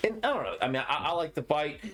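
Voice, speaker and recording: A man co-hosting a casual fight-reaction chat, animated and profane. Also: a little high, fast. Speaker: podcast co-host.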